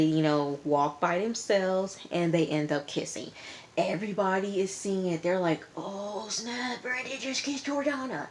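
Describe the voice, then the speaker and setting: A woman's voice: deep voice, darkish tone. A woman casually recapping a reality TV episode in a chatty, slangy, exasperated way. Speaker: TV show reviewer.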